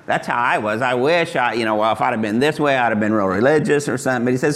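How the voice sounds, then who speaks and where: A man's voice: lively intonation, fast talker, hardly any pauses, fairly bright tone. An older man from Kansas, giving an earnest, folksy testimony sermon as a pastor. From Kansas, USA. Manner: earnest, folksy, rises high when voicing Jesus.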